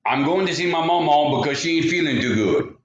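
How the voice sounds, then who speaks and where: Brief: little girl put on by a man, raised pitch, easygoing, roomy recording. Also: animated, fairly quick, muffled recording, slight background noise, close to an everyday voice. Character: little Cajun girl on an errand.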